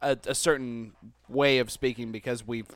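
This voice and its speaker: A man's voice: medium pitch, steady tone, moderate pace, no echo. A young man in casual chat with friends, jokey and swearing freely.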